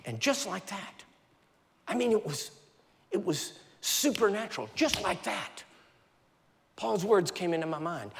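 American preacher in an echoing hall. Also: male voice, sits high, animated, unhurried, vocal fry, pauses often, a little hiss or hum. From United States. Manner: vivid, dramatic storytelling with sound effects. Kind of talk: storytelling sermon. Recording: long reverb of a large hall.

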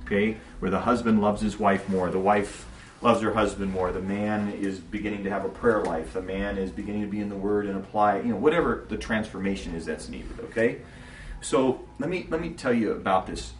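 Deep-voiced man teaching, echoey and distant. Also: brisk. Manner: relaxed, conversational storytelling with asides to the audience. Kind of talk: casual sermon-style teaching. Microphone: distant mic. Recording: echoey room from far off, faint noise.

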